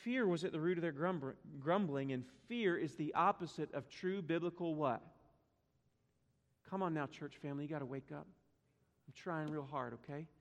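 A high-pitched male pastor preaches a sermon, hammering words through repetition and calling out questions to the congregation. His voice rings with the long reverb of a large church sanctuary. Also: normal speed, lo-fi sound. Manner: emphatic, repeats words for stress, asks the congregation questions.

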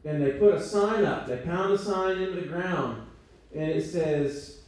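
A man's voice: on the high side, a little slow, darkish tone. A man leading a church training talk, conversational, checking in with his audience and making self-deprecating jokes. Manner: self-deprecating joking asides. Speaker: church teacher. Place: church meeting room. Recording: very echoey room, voice from far off.

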